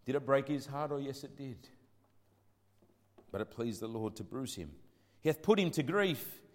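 A man preaching a sermon with passion, rising to loud declaiming and dropping to hushed pleading, and reading scripture in old-fashioned wording. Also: medium pitch, animated, moderate pace. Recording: long hall reverb.

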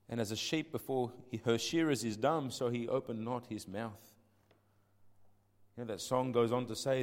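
With a fairly low voice, a preacher moves between booming proclamation and quiet, pleading tones in an impassioned sermon. Scripture comes out in archaic language, all echoing through a long hall reverb.

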